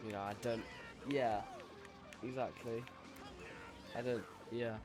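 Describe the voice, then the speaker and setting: A man's voice: mid-range voice, steady tone, takes it slowly, music in the background. A young man streaming and chatting casually while gaming, laid-back and rambling, often restarting his sentences.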